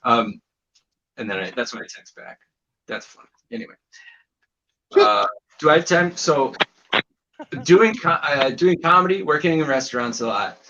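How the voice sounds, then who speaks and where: A man's voice: on the high side, sing-song, normal speed, pauses often, sharp tone, lo-fi sound, a little hiss or hum. A man doing a casual stand-up set over a home video call, rambling and self-deprecating with lots of fillers and restarts. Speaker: stand-up comedian.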